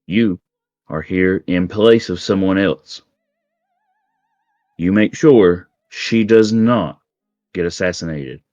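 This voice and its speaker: Man, game master, casual rambling narration, lowish voice, muffled recording. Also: takes it slowly, long pauses, darkish tone, dry recording, faint music behind. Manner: casual, rambling, full of ums and laughs.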